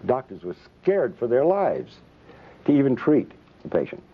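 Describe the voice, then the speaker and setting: A man's voice: medium pitch, sing-song, normal speed, breathy edge. Male physician, fiery public speaker, sarcastic and indignant, mid-range voice on a muffled old recording. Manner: indignant, rhetorical questions, sarcastic. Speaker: physician giving a public speech. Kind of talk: impassioned public speech. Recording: dull lo-fi recording.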